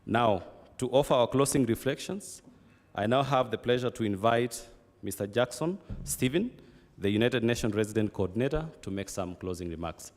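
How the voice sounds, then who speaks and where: A man's voice: medium pitch, expressive, normal speed. A man serving as master of ceremonies, closing a conference in a polite, formal way with frequent fillers. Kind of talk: formal event hosting. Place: conference hall. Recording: long hall reverb.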